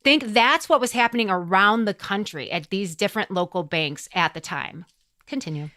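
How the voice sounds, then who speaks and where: A woman's voice: mid-range voice, normal speed, bright, forceful tone. A woman, co-hosting a casual podcast and chiming in with playful, sarcastic jokes. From Chicago South Side. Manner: jokey interjections, playful sarcasm. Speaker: podcast co-host.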